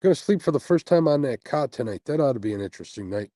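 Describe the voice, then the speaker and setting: A man runs a relaxed fishing-channel livestream, chatting with viewers and reading their comments, using lots of fillers and little laughs; he sounds sleepy and yawns after being up all night. His mid-range voice is mellow and animated, and he talks fast. Recorded via earbuds mic on a phone stream, the audio is poor with no echo.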